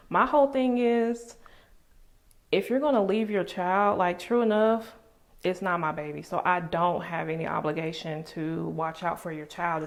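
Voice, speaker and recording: Animated woman telling a storytime vlog. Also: lowish voice. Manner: animated, emphatic, casual slang. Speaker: vlogger.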